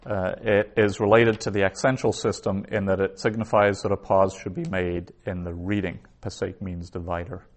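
A man's voice: sits low, flat delivery, normal speed, hardly any pauses. A man teaching a class, explaining reading points patiently and methodically, with small restarts.

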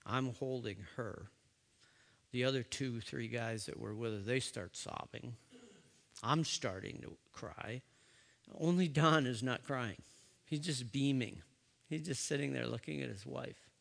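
A man telling a personal story, speaking haltingly with fillers and restarts. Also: medium pitch, creaky. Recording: long hall reverb.

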